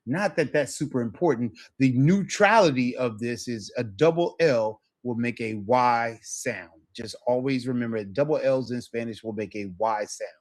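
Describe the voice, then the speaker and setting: A man's voice: mid-range voice, fairly bright tone. A man teaching a live Spanish lesson, encouraging his student and checking in with frequent questions.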